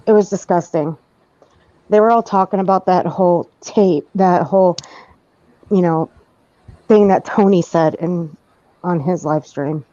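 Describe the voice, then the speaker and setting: A woman's voice: on the low side, a little slow, pauses often, mellow, no room sound. Woman hosting a call-in panel, blunt, cusses a lot, dry muffled lo-fi sound. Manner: blunt, swears freely. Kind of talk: casual livestream panel chat. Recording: dull, lo-fi call audio.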